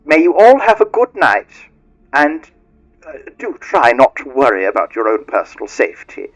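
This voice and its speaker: A man's voice: medium pitch, big pitch swings, moderate pace, pitched above the performer's own voice. A man voicing a pompous, menacing male rat lord broadcasting a decree over tinny, muffled speaker pipes. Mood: gloating.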